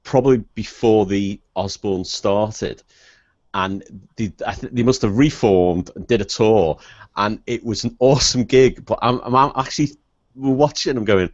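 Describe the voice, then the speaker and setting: A man's voice: lowish voice, measured pace, no echo. An English man co-hosting a podcast, chatting casually and swearing freely as he tells stories. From England. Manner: swears freely, animated storytelling. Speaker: podcast co-host. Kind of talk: casual chat. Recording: dull lo-fi podcast audio.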